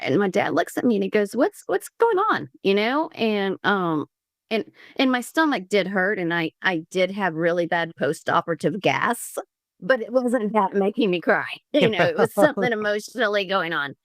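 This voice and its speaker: A woman from Georgia telling her story as a podcast guest, earnest and halting with many restarts. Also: medium pitch, lively intonation, vocal fry, no echo, clean studio sound. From Columbus, Georgia, US. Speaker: podcast guest, liver transplant recipient. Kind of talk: candid conversational storytelling.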